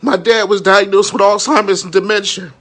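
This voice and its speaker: A man's voice: high voice, fairly even intonation, brisk, fairly bright tone. A man in his thirties, a minister and entrepreneur, speaking candidly and emotionally in a live-stream monologue, swearing freely and often checking in with his listeners. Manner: raw, frank and emotional, with profanity and many "you know what I'm saying".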